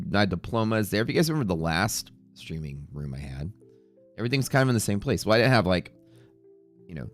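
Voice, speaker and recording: Low-voiced male streamer, casual and rambling, soft music in the background. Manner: greets viewers by name, jokey and rambling. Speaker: livestream trading host. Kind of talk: casual livestream chat. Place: home streaming room.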